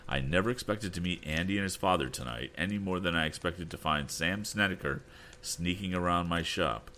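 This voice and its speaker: A man voicing a cheerful, quick-witted young male inventor with an eager way of talking. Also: deep voice, sharp tone, slight background noise.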